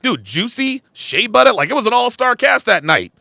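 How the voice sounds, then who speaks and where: A man's voice: very high-pitched, sing-song, normal speed, gravelly, sharp tone, dry recording, clean studio sound. A man hosting a podcast livestream, ranting bluntly and crudely while reacting to clips and chat. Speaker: podcast host. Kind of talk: livestream commentary.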